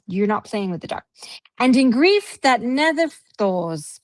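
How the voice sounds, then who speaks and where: A woman's voice: a little high, sing-song, unhurried, dry recording, low-quality recording. A Canadian woman co-hosting a podcast, reading a ghost story aloud and breaking off to scold her pets. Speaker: podcast co-host. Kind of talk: casual podcast chat and read ghost story.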